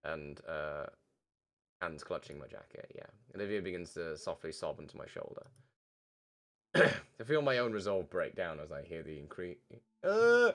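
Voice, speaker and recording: A male game streamer with a low voice that swings widely as he reads a visual novel aloud. He keeps cutting in with his own reactions and casual swearing, and his delivery stays lively throughout. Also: normal speed. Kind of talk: reading a visual novel aloud with live commentary.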